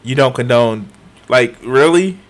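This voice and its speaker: A man's voice: mid-range voice, lively intonation, measured pace. A man in his thirties giving a casual reaction commentary, swearing often, laughing and repeating himself. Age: 30s. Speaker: streamer reacting to a video.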